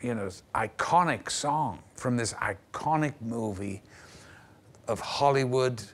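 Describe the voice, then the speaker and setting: Older man telling lively anecdotes. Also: medium pitch, slow pace. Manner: lively raconteur who acts out the voices in his stories. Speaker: actor guest. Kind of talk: anecdotal interview storytelling. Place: television studio.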